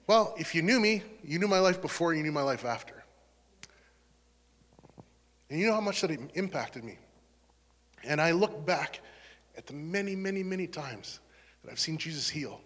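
A man's voice: fairly high pitch, lively intonation, normal speed, long pauses, fairly bright tone. Earnest man preaching in an echoing hall. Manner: earnest, conversational, turns emotional. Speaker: pastor. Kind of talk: testimony sermon. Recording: long hall reverb.

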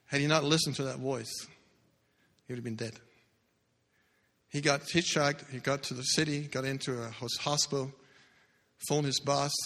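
A man preaching a sermon, telling a story with dramatic swings between loud bursts and hushed low lines. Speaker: pastor. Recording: long hall reverb.

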